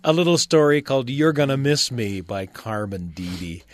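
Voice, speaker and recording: A man's voice: mid-range voice, expressive, moderate pace, over music. A man hosting a radio story show, friendly and chatty, laughing often. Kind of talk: casual radio chat.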